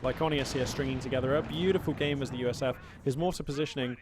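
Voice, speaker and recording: A man casting a strategy game match with chatty, playful play-by-play and quick excited reactions. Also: mid-range voice, noisy background. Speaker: video game caster. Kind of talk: live play-by-play game commentary. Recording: loud game gunfire and vehicles behind.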